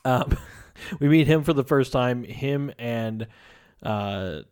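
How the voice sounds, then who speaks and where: A man's voice: mid-range voice, slow pace, darkish tone, clear, resonant tone. A man casually discussing a film on a podcast, rambling and laughing often. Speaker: podcast co-host.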